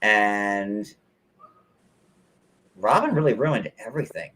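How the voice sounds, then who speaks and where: A man hosting a casual gossip chat, telling stories in an animated, theatrical, campy way. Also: lowish voice, slow pace, husky. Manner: animated, camp, theatrical storytelling. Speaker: show host.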